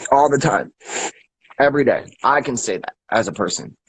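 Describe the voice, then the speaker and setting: Husky-voiced man, thirties, furious stammering rant. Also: medium pitch, expressive, moderate pace, rough recording. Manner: angry, profane, stammering repeats. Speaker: guest. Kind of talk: angry rant.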